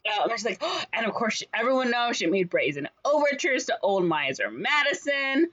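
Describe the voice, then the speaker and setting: A woman's voice: fairly high pitch, sing-song, brisk, fairly bright tone, highs cut off. A woman retelling a story in casual chat, lots of fillers, slipping into playful voices for each character. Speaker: podcast co-host retelling a musical.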